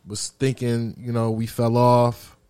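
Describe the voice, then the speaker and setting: A man hosting a podcast, talking in a relaxed, rambling way full of "you know" fillers while he wraps up the episode. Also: mid-range voice, unhurried, clean tone, dry recording. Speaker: podcast host. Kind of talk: casual chat.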